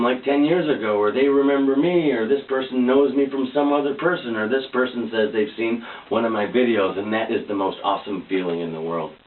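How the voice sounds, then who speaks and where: A man's voice: fairly low pitch, slight background noise. Earnest rambling man on a tinny, echoey recording. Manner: earnest, rambling, repeats himself with restarts. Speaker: vlogger. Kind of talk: casual personal talk to camera. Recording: echoey, distant, phone-like tinny sound.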